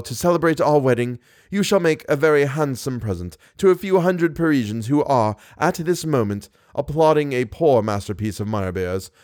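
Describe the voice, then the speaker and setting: A man voicing a cold, menacing masked genius who speaks slowly and with icy composure. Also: mid-range voice, a little mellow, no room sound, studio quality, natural voice. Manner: slow, deliberate, icily composed.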